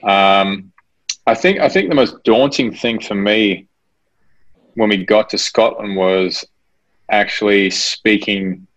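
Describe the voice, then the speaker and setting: A man with a lowish voice talks through a casual interview, halting often, repeating words and filling pauses. The recording sounds muffled and lo-fi, with the top end rolled off. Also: fairly bright tone. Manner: hesitant, many restarts and fillers. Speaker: actor being interviewed. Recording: dull lo-fi recording.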